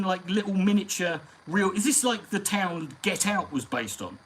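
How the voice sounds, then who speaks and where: A man's voice: sits high, lively intonation, normal speed, a bit bright, slight background noise, rough recording. A man hosting a live stream, telling long, profane, rambling stories in casual chat.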